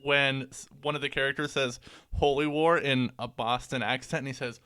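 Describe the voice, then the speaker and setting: A man's voice: medium pitch, little pitch movement, fairly quick, bright, forceful tone, clean tone, no room sound. A man co-hosting a casual gaming podcast, chiming in with blunt, sardonic asides. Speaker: podcast co-host.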